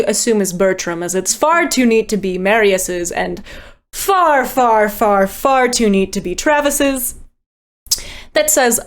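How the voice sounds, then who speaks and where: A woman game master narrates the scene in a slightly high voice. She is easygoing and descriptive, with small chuckles between details. The tone is casual tabletop play among friends.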